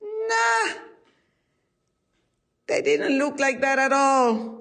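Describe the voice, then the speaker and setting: A woman's voice: sits high, very animated, very slow, vocal fry, fairly bright tone, voice pushed up, full character voice. A woman storyteller voicing an ancient, centuries-old wise woman in a told tale. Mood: knowing. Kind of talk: oral storytelling.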